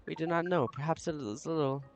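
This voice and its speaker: A man voicing a calm alien from a hive mind, who talks in a formal, precise way and calls itself "we" while he reads a visual-novel game aloud. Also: fairly high pitch, fast, over music, voice pushed up, lightly acted. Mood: earnest.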